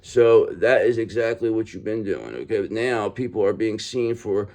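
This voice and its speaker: A man giving a casual, animated tarot reading, bluntly swearing and checking in with "okay?" after nearly every sentence. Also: on the low side, moderate pace, vocal fry. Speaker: tarot reader.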